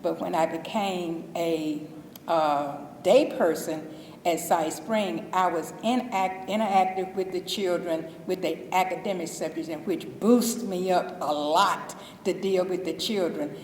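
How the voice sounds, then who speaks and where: Woman, Southern accent, middle-aged, chatty heartfelt storyteller, low voice, echoey room, faint background noise. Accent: Southern US (Alabama). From Alabama. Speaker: school custodian. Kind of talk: interview testimony. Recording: echoey hall, distant mic, faint noise.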